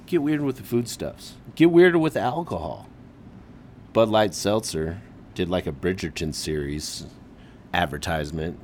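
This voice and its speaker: A man from the Midwest with a very low voice, talking casually on his own as a podcast host. He is laid-back but keeps getting excited, peppering his talk with "man" and a little swearing. A faint hiss of noise sits under the recording. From American Midwest. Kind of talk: casual solo commentary.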